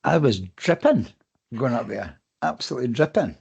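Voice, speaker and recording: A relaxed man, talking at an average pitch. He tells stories casually on a podcast and swears now and then. His tone stays easygoing throughout. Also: a little fast, creaky, slightly rough. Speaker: podcast co-host and race runner.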